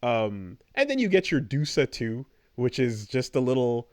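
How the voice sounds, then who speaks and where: A man's voice: mid-range voice, big pitch swings, moderate pace, darkish tone, no echo, studio quality. A man co-hosting a podcast in casual chat, rambling and hesitant with lots of fillers. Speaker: podcast co-host.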